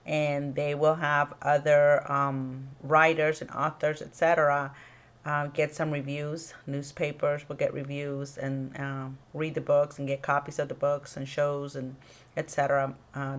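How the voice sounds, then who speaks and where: A woman who is an author and runs a small publishing company, casually explaining publishing to her viewers at an unhurried pace with frequent ums and pauses. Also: low-pitched. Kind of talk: casual informational talk to camera.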